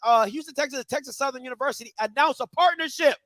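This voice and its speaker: A man's voice: very high-pitched, fast, very noisy. A man hosting a heated commentary rant, firing repeated rhetorical questions at viewers in a preacher-like call-and-response cadence. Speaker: commentary show host.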